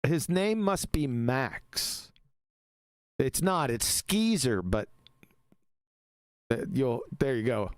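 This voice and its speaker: A man's voice: medium pitch, big pitch swings, takes it slowly, long pauses, clean tone, no room sound, clean studio sound. Laughing, mocking male host. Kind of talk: casual commentary on a debate clip.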